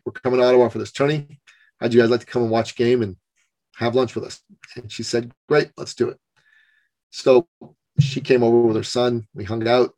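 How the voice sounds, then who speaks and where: The audio is poor, but you can hear a business coach with a mid-range voice sharing a story from his own life on a podcast. His delivery is gravelly and lively, the way an animated storyteller talks in an interview.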